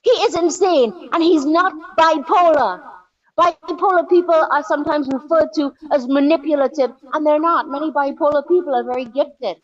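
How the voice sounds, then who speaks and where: A woman's voice: high-pitched, moderate pace. Indignant woman caller, muffled. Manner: indignant, sarcastic, rhetorical questions. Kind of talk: angry political call-in rant.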